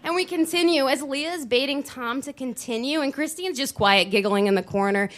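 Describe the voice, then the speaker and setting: A woman tells a story live on stage into a microphone, with a high, bright voice. She is animated, leaning on dramatic pauses and sudden shifts of voice. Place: dance studio venue, live show.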